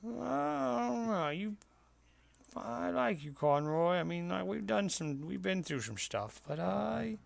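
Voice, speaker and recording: A rowdy, crude bagpiper in a tabletop game, voiced by a man running the game, with a gravelly voice pitched a little high. He rambles and stumbles over his words. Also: big pitch swings, slow pace, no echo, full character voice. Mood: hesitant. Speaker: game master. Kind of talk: tabletop role-play voice.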